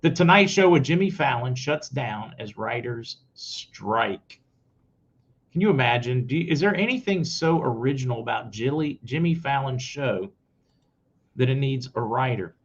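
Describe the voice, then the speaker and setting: A man's voice: mid-range voice, animated, moderate pace, slightly rough. A man hosting his own news commentary show, giving blunt opinions straight to his viewers. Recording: slightly dull lo-fi audio.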